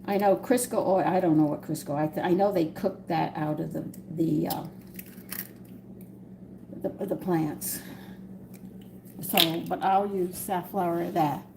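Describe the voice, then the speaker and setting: A woman's voice: fairly low pitch, steady tone, a little slow, creaky, pauses often, noisy background. A woman with a Southern US accent hosts a live-stream cooking demonstration, rambling as she chats with her viewers. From American South. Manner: chatty and rambling, talks to viewers. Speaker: home cooking host. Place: home kitchen.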